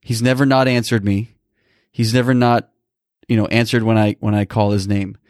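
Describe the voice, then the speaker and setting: A man's voice: fairly low pitch, level tone, normal speed, darkish tone, no echo, clean studio sound. A man in his thirties telling a personal story on a podcast, emotional and rambling, with many restarts. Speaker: podcast co-host. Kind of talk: casual storytelling.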